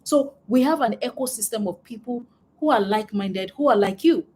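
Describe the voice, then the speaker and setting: Hosting a live online class, a woman business coach reads out chat replies and cheers each one on, repeating words of praise in an upbeat, encouraging way. Her voice is a little high, darkish, and slightly rough, at a moderate pace.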